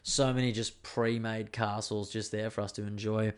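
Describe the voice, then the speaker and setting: A young man hosting a podcast, telling a story in an animated, swearing, casual way. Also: fairly low pitch, moderate pace, clear, resonant tone. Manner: animated, swears freely, lots of fillers. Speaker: podcast host.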